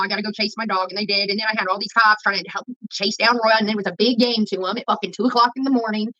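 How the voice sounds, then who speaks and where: Very fast with hardly any pauses, her mid-range voice is steady and sharp. The vlogger rants casually and profanely to her viewers, rambling bluntly, and the phone recording sounds dull and lo-fi.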